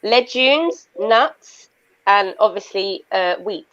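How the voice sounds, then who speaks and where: A woman's voice: medium pitch, animated, slow pace, fairly bright tone, muffled recording. A woman talking casually in a group chat, nerdy and chatty, swearing now and then.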